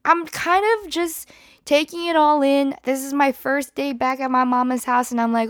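A woman in her thirties hosting a podcast, telling a crude comic story in an animated, profane way. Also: high-pitched, moderate pace, no room sound, studio quality. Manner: crude, animated, swears freely. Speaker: podcast host.

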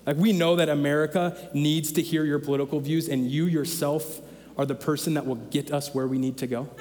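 A man's voice: on the high side, steady tone, a little fast, darkish tone, long reverb tail, a little hiss or hum. A man in his thirties preaching a sermon as pastor, conversational and emphatic, repeating his key phrases. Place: church sanctuary.

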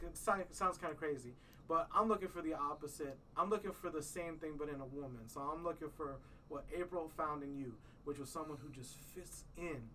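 Brief: thirties male podcast host, bright rambling delivery, a bit off-mic with faint hiss. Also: a little high, a little fast, far from the mic, low-quality recording. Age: 30s. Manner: rambling, restarts often, tells stories. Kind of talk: casual chat.

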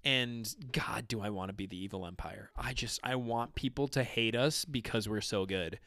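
A man co-hosting a casual sports podcast, talking emphatically and excitably and swearing casually. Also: lowish voice, moderate pace, no room sound. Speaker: podcast co-host.

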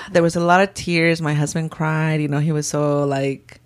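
Woman, 30s, slightly low pitch, chatty, animated storytelling. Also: a little slow, clear, resonant tone. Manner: animated storyteller acting out quoted voices. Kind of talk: casual chat.

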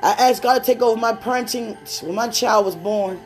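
A woman gives a conversational sermon, weaving personal stories and laughing asides together and slowing her pace when she prays. Her voice is a little high, with faint music underneath.

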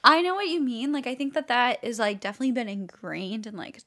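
A woman's voice: on the high side, quick pace, a bit bright. A young woman co-hosting a podcast, easygoing and giggly, steering the chat with questions. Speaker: podcast co-host. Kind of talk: casual chat.

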